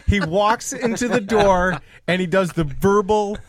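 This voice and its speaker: Man, 30s, animated podcast storyteller, laughs often, slightly high voice. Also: measured pace, no echo, studio quality. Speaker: podcast guest telling a story. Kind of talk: casual chat.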